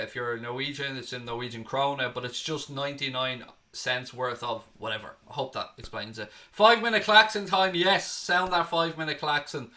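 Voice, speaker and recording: Irish guy hosting a live stream, bright forward voice, chatty, answers comments and swears now and then. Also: mid-range voice. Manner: chatty, reads out viewer comments and answers them, swears casually. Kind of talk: casual live watchalong chat.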